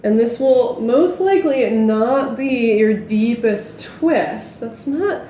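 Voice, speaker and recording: A young woman teaching a yoga class, gently cueing breath and movement. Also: fairly high pitch, expressive, slow pace, echoey room, slight background noise. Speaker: yoga instructor. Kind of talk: guided yoga class instruction.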